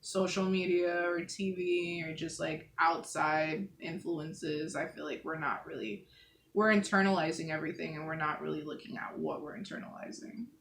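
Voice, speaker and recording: A woman's voice: low-pitched, fairly even intonation, moderate pace, vocal fry, a bit bright, a little hiss or hum. A woman from Northern California co-hosting a casual chat, reflective and thoughtful, with many "like"s. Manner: reflective, thoughtful, heavy use of "like". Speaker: podcast co-host.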